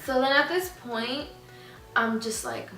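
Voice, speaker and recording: A young adult woman telling a rambling, animated story in a casual vlog, acting out what others said. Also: high voice, a little slow, recorded from a distance. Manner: rambling, animated retelling that acts out other people's lines. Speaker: vlogger. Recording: echoey room, voice a bit off-mic, faint music.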